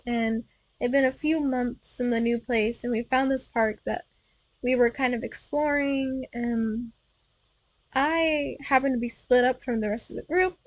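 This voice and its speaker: High-voiced young woman telling stories. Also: no echo, low-quality recording. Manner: chatty, playful, self-correcting. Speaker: virtual streamer telling stories. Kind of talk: casual storytelling.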